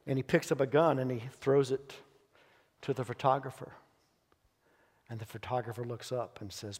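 A pastor preaching a sermon in a church, telling stories earnestly and emphatically with dramatic pauses. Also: male voice, mid-range voice, steady tone, slightly rough. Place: church sanctuary. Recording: long church hall reverb.

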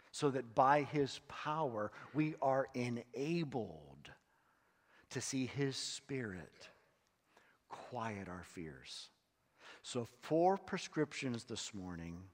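A male pastor delivers a slow, measured sermon in a church sanctuary. He reads scripture and teaches, swinging from loud emphatic bursts to hushed, quiet drops. His voice rings with a long hall reverb. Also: medium pitch.

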